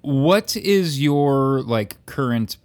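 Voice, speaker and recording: A man co-hosts a podcast over a remote call in casual chat, teasing dryly and filling his speech with hesitant fillers. His voice is medium in pitch and animated, but he talks extremely slowly.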